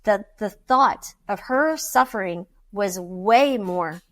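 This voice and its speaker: A woman doctor talking through patient stories on a podcast, lively and animated, slipping into the voices of the people she quotes. Her voice sits in a middle range and sounds close and dry, with no room echo. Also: mid-range voice, slow pace. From United States. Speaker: physician guest. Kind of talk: conversational podcast storytelling.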